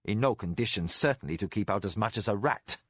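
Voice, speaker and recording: A man's voice: fairly low pitch, lively intonation, fast talker, a bit bright, dry recording, clean studio sound. A man voicing a wary young nobleman in an audiobook, asking questions in a slightly raised voice. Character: young male noble, wary and put-upon. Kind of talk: audiobook character voice.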